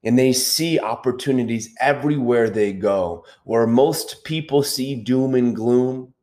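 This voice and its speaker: A man's voice: medium pitch, a little slow, a little mellow. Earnest male self-help podcaster. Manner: earnest, repeats key points and checks in with "okay?". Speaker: podcast host. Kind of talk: motivational self-help talk.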